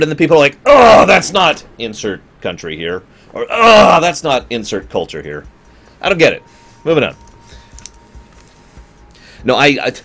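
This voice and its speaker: A man's voice: medium pitch, a bit bright. A man streaming and chatting casually with his viewers, rambling and correcting himself as he goes. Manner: rambling, conversational, self-correcting; talks to chat viewers.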